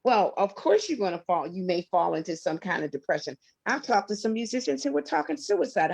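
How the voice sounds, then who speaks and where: A woman's voice: medium pitch, brisk, vocal fry, hardly any pauses. A woman talks as a guest on an interview show. She tells her stories with lots of emphasis and feeling, her voice swinging as she makes a point. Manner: expressive, emphatic, laughs often. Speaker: guest singer. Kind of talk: animated interview storytelling.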